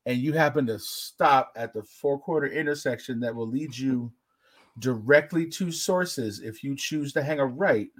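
A man telling a long, animated, profane story in casual chat, punchy and emphatic. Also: mid-range voice, moderate pace. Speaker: podcast co-host telling a story.

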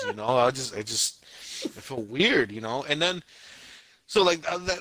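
A young man co-hosting a casual podcast, recounting a show with exasperated, animated energy and silly put-on voices for the scenes. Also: medium pitch, moderate pace. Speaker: anime podcast co-host. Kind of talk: casual podcast review chat.

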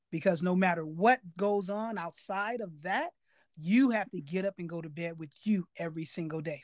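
A man's voice: high voice, no echo. Emphatic male podcast host, dry sound. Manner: emphatic, repeats key phrases for weight. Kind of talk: casual interview talk.

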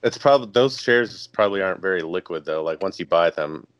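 A man's voice: low-pitched, animated, a little fast, clear, resonant tone, no echo, lo-fi sound. A young man co-hosting a podcast, reacting skeptically and laughing easily in casual banter. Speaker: podcast co-host.

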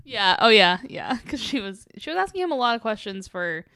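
A woman's voice: a little high, very animated, a little fast, sharp tone, dry recording, studio quality. A woman co-hosting a casual movie chat, reacting with sarcastic jokes and giggles. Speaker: podcast co-host.

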